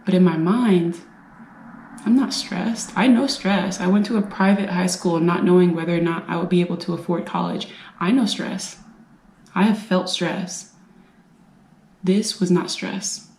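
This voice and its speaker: A woman from the United States telling her own survivor story in an earnest, halting way, repeating phrases for emphasis. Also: lowish voice, a little mellow, a little hiss or hum. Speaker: brain injury survivor and veteran speaker. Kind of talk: personal storytelling talk. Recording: roomy echo.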